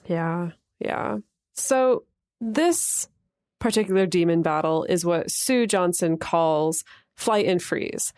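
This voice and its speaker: Woman podcast host, lowish voice, playful, sets the scene and laughs. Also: takes it slowly, a little mellow, no echo, studio quality. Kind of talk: casual chat.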